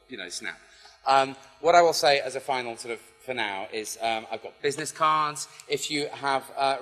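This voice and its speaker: Man, bright voice, lively storytelling talk, long hall reverb, faint music behind. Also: mid-range voice. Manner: animated, acts out voices in his story. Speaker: poet and speaker. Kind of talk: storytelling talk to a live audience.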